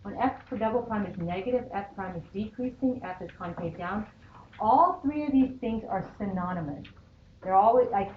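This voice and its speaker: A woman math teacher lecturing a class and checking in often with "okay?". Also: medium pitch. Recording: dull lo-fi sound in an echoey classroom with faint noise.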